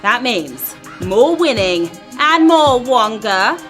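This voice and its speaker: A bubbly woman hosts a live quiz game, teasing the players as she goes. Her voice sits fairly high, swings widely and has a bright, forceful edge. Faint music plays behind her. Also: sing-song, takes it slowly. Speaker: quiz show host. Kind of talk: live game show hosting.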